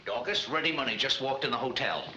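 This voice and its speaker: A man's voice: medium pitch, fast talker, lightly acted. An actor playing a male swindler who plots in a terse, conspiratorial, slangy manner, in a 1940s film comedy. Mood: scheming. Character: scheming male hotel swindler. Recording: echoey, hissy old film soundtrack.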